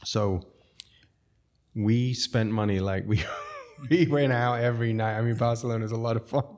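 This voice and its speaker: A man's voice: medium pitch, steady tone, normal speed, darkish tone. A man from South Africa, a podcast guest, telling long rambling stories in a casual way and laughing between sentences. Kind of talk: casual storytelling.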